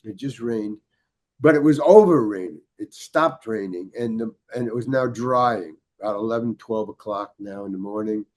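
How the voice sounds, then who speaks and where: An older man, a podcast guest, telling a long anecdote in a halting way, restarting his sentences and acting out the dialogue. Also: lowish voice, a little mellow. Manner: halting, many restarts, acts out quoted dialogue. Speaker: guest storyteller.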